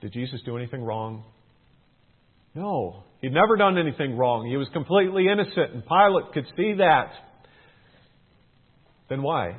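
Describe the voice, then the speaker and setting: A man's voice: medium pitch, expressive, moderate pace, pauses often, slightly rough. A middle-aged man teaching through a Bible passage, earnest, his emphasis rising on questions. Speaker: preacher. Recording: tinny phone-like band.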